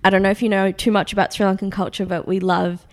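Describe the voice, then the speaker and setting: A woman's voice: medium pitch, flat delivery, quick pace. A woman in her late twenties with an Australian accent, chatting as an interview guest, with frequent ums and light laughter. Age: 20s. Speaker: guest, food magazine founder. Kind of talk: casual interview.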